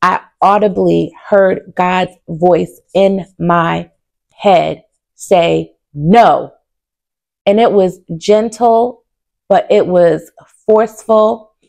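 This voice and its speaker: A young woman speaks straight to her viewers in a relaxed vlog, her voice sitting low with a gravelly fry at the edges. She is earnest and candid, pausing often with small fillers as she works through a personal story. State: near tears at times. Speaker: vlogger. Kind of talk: casual storytelling to camera.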